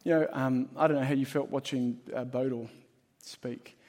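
A man preaching a sermon as pastor, emphatic and shifting between loud and hushed. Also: mid-range voice, fairly even intonation, normal speed. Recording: long hall reverb.

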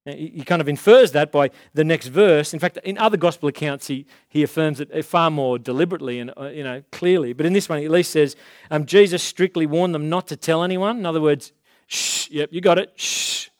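Male preacher, relaxed and talky, leans on key words slowly; bright voice, dry close sound. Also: fairly high pitch, no echo. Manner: casual, slows down to stress key words. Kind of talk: conversational sermon.

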